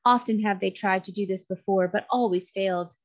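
A woman reading aloud, voicing a vengeful male sea magician who speaks slowly and sweetly with mocking calm. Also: mid-range voice, natural voice. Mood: gloating.

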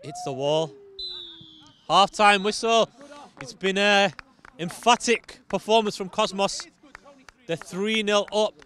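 A man with a Mancunian accent co-commentates on a local football match, calling out player names one after another. His voice sits high and sounds bright, and it rises into shouts at big moments. The sound is outdoors. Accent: Mancunian English. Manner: calls player names rapidly, bursts into shouts.

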